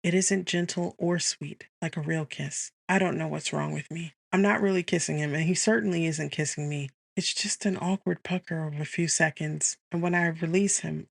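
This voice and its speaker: A woman reading a first-person romance audiobook in a hushed, intimate, tense voice on a close studio mic. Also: sits low, fairly even intonation, moderate pace, gravelly, hardly any pauses, no echo. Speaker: audiobook narrator. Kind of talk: first-person scripted narration.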